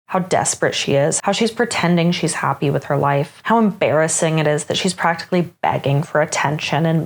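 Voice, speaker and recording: A young woman recapping a book in a casual, chatty way, with sarcastic asides. Her voice sits low but swings widely in pitch. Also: creaky. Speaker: book reviewer.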